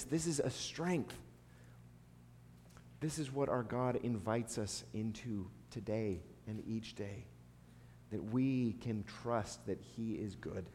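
A man's voice: mid-range voice, a little hiss or hum. A man giving a sermon in a conversational, storytelling way. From United States. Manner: conversational preaching with a personal story, some restarts and soft laughs. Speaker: pastor. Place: church sanctuary. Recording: echoey church hall, faint ambience.

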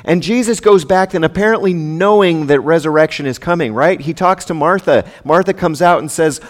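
A pastor preaches to his congregation in a conversational style, adding rhetorical asides. His voice runs on the high side and a little fast with few pauses, and a large hall's long reverb surrounds it.

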